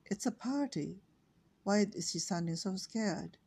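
A woman's voice: mid-range voice, expressive, unhurried, vocal fry, a little mellow, breathy edge, heavily acted. An older woman voicing a brooding, suspicious middle-aged father in a story she reads aloud.

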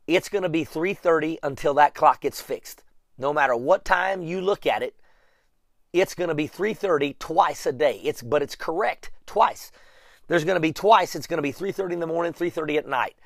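A man's voice: fairly high pitch, moderate pace, vocal fry, no room sound. Male preacher, emphatic and repetitive, recorded close and dry. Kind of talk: sermon.

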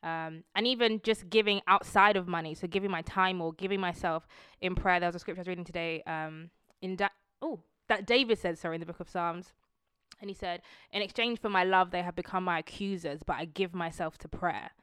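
Female podcast guest, lowish smooth voice, dry close sound, earnest and convinced. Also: fairly even intonation, brisk, fairly bright tone, no echo. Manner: earnest, quotes scripture with conviction. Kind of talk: casual faith podcast chat.

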